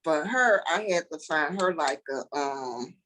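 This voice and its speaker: A woman's voice: low-pitched, lively intonation, measured pace, fairly bright tone, a little hiss or hum, rough recording. Candid, easy-laughing real estate agent woman. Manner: candid, laughs easily, explains plainly. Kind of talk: casual interview chat.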